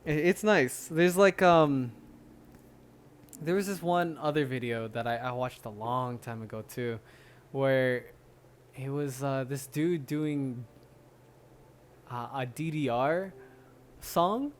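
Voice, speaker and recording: A man's voice: mid-range voice, takes it slowly, pauses often, a little hiss or hum. A young man hosting a casual solo podcast, rambling with many restarts and fillers, a little out of breath. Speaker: podcast host.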